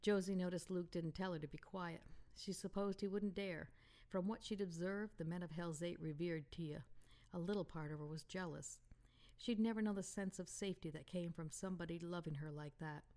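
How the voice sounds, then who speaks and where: A woman author reading aloud from her romance novel in a calm, intimate manner. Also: lowish voice, normal speed. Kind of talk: audiobook narration.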